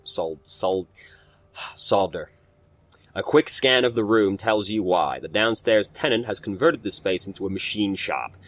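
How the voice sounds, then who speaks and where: A man's voice: on the low side, a bit bright, no room sound. A man hosting a let's play, chatting casually, swearing, and reading game text aloud while stumbling over some words.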